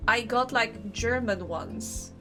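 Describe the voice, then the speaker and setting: A young woman streaming a game live, chatting casually, excitable and often laughing. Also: a little high, slow, music in the background.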